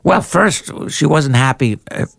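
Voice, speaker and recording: An older man, an author and journalist, telling anecdotes in an animated way in a conversation and jumping into higher voices when he quotes people. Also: unhurried, gravelly, no echo, studio quality. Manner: animated raconteur, jumps into high-pitched voices for quoted people. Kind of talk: anecdotal storytelling in a podcast conversation.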